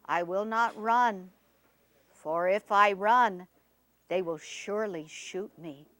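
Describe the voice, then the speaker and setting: A woman storyteller voicing a calm, dignified male magical deer who speaks slowly and gravely. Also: mid-range voice, no echo. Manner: slow, grave and reproachful.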